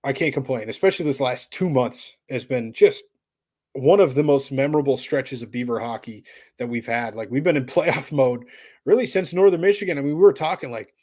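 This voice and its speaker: A man's voice: mid-range voice, lively intonation, brisk, no room sound. A man co-hosting a podcast, chatting casually about college hockey in a laid-back, rambling way with lots of fillers. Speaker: podcast co-host. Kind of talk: casual sports chat.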